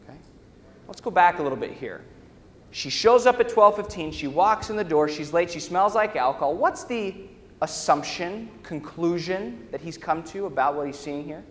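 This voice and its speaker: A man's voice: a little high, expressive, moderate pace. A man giving a conference talk, telling a story and often checking in with the audience with questions, "okay?" and "right?". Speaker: conference speaker. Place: large conference hall. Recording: reverberant hall with faint noise.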